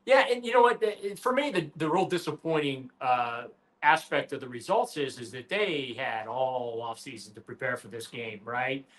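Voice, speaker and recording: A man's voice: mid-range voice, moderate pace, a bit bright. A man co-hosting a sports radio show, talking animatedly about a football game with emphatic asides and restarts. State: has the hiccups. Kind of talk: casual sports talk.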